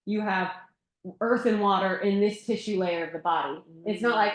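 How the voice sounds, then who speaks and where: A woman teaching yoga and Thai bodywork in a relaxed, reflective way, laughing often during a group discussion. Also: medium pitch, normal speed. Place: yoga studio room. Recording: echoey room.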